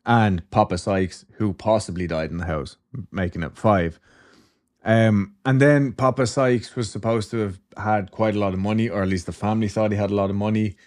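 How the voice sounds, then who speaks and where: Fairly low in pitch and a little mellow, this man's voice moves at normal speed with fairly even intonation. As a podcast host, he spins a casual story, loose and chatty, full of curse words and side comments.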